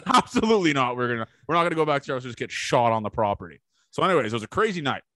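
Talking very fast in a sing-song way, the co-host rattles off rambling party anecdotes, cursing freely and acting out quotes. His mid-range voice is bright and forceful, and the recording is dry.

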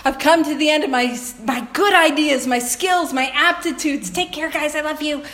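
A woman with a high voice speaks earnestly to a meeting room, chatting with the audience and laughing along the way. Her words carry a roomy echo from the hall around her. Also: moderate pace, a bit bright, a little hiss or hum. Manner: earnest, conversational, often laughing, addresses the room directly. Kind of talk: personal talk to a meeting. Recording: echoey room recording.

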